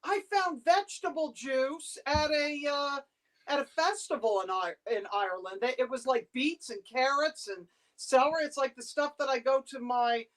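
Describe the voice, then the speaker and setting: A woman from the United States hosting a casual video-call chat, bubbly and quick to laugh. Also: high-pitched. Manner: bubbly, laughs easily, chatty. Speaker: host.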